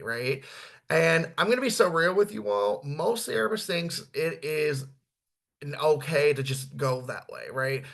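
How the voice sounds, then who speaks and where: A man's voice: mid-range voice, fairly bright tone. A man who is a therapist, giving a blunt, casual training talk on marketing, swearing now and then and tagging his points with "right?".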